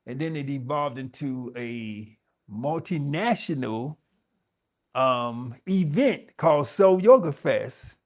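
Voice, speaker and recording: A middle-aged man teaching yoga, talking conversationally and emphatically to his audience, often restarting his sentences. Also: medium pitch. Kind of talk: spoken talk to a yoga audience.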